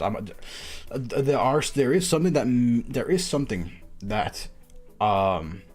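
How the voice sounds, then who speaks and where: A man's voice: mid-range voice, darkish tone. Rambling, self-mocking male streamer. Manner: self-deprecating, laughs often, rambling. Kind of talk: casual live-stream chat.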